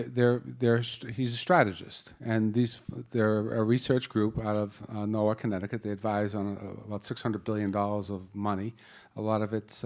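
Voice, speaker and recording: A man with a Boston accent moderating a live panel, joking and rambling through introductions with many restarts, speaking into a handheld mic in a conference hall. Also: lowish voice.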